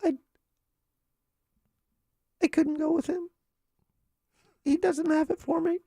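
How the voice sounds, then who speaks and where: A woman's voice: steady tone, slow, gravelly, warm tone, no echo, studio quality, exaggerated voice. A woman doing a fluttery swooning starlet. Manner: high, fluttery, overwhelmed. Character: breathy swooning Marilyn-style starlet, woman.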